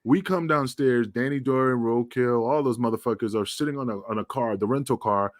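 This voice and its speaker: A man's voice: medium pitch, a little fast, no room sound, studio quality. A middle-aged man, a former pro wrestler, telling rambling, profane backstage stories in a casual podcast chat. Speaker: retired pro wrestler guest.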